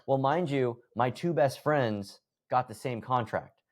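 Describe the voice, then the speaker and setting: A man's voice: medium pitch, unhurried. A man in his thirties, a podcast guest, telling a story casually and animatedly, acting out conversations and swearing freely. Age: 30s.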